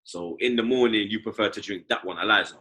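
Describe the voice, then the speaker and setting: A man's voice: on the low side, quick pace, bright, forceful tone, rough recording. A young man with a London accent hosting a casual football podcast, full of slang banter and tags like "you understand". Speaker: podcast host.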